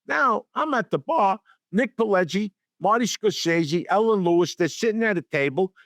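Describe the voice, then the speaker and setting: High-voiced New man telling stories. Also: moderate pace, no echo, studio quality. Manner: animated storyteller acting out quotes in voices. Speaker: guest. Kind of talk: storytelling interview.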